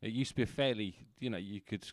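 A man's voice: lowish voice, fast, no echo. A man chatting casually on a podcast, given to exasperated rants. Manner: exasperated, ranting. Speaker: podcast co-host. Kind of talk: casual chat.

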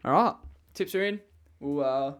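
A young Australian man hosting a casual football tipping chat, relaxed and quick to laugh. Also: a little high. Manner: relaxed, leads the segments, laughs easily. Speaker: podcast host.

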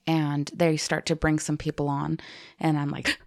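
A woman co-host talks through a moving story in loose, casual chat, sometimes teary. Her voice sits a little low and has a gravelly, creaky edge. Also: normal speed. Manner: animated storytelling, tearful and laughing. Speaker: podcast co-host.

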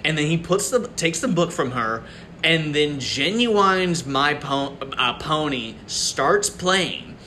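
A man with a bright, sharp voice and slightly high pitch tells an animated story, laughing along. A faint rumble hums underneath. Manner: animated, quick reactions, laughs. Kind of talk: casual storytelling chat.

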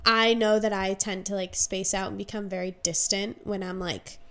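Uma mulher, coapresentadora de podcast, conversando casualmente e concordando, encenando falas rápidas. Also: female voice, mid-range voice, little pitch movement, a bit bright, smooth. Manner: agreeable, chimes in with quick acted quotes. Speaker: podcast co-host. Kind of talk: casual chat.

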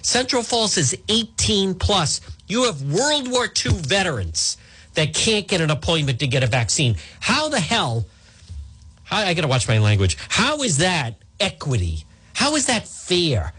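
Another husky-voiced man hosts talk radio, his pitch sitting high and his delivery a little slow. He launches into an animated, combative monologue, constantly restarting and wandering into asides.

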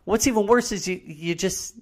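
A man's voice: high-pitched, moderate pace. Easygoing man telling rambling stories. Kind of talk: casual chat.

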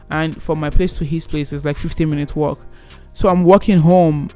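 A young man in his twenties casually telling a personal story, animated and rambling with many restarts. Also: on the high side, fairly quick, few pauses, faint music behind.

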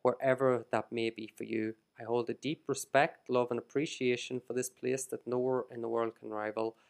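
An Irish man hosting a casual podcast, talking in an animated way and reading passages aloud with emphasis. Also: medium pitch, normal speed, vocal fry. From Ireland. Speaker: podcast host.

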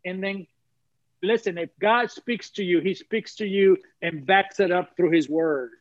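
Earnest high-voiced man giving testimony. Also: unhurried, no room sound, highs cut off. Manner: earnest, preacherly, repeats phrases for emphasis. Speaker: guest sharing testimony. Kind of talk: emotional personal testimony.

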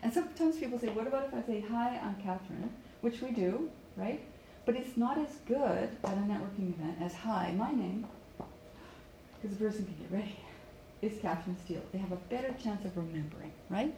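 Pronunciation coach, woman from Canada, mellow voice, drills stressed words in a roomy space with faint hiss. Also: medium pitch, expressive, fairly quick. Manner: stresses words and repeats phrases for students to echo. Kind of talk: live online pronunciation lesson.

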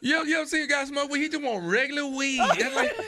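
High-voiced exasperated comic man. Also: fairly even intonation, quick pace, heavy background noise. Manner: exasperated, incredulous questioning. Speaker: comedian on a radio show. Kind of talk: comic rant.

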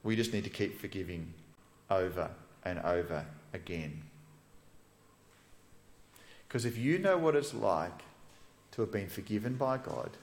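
Man, pastor, sermon, animated storytelling, lively voice, echoey hall. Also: deep voice, a little slow, pauses often. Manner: animated storytelling, acts out quoted characters.

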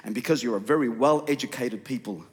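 A man's voice: mid-range voice, fast talker. A man, a pastor, preaching a sermon in a church with humorous, self-mocking storytelling. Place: church auditorium. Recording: long hall reverb.

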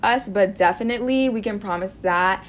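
A woman's voice: medium pitch, normal speed. A teenage girl co-hosting a podcast, talking in a rambling, laid-back way full of "like" and "you know". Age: teens. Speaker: podcast co-host. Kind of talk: casual chat.

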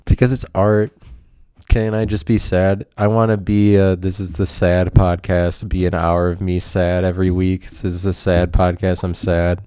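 Low, mellow-voiced man rambling. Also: monotone, normal speed, clean tone, dry recording, clean studio sound. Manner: rambling, self-mocking, stream of consciousness with frequent laughs; profane, provocative. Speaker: podcast host. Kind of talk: rambling solo monologue.

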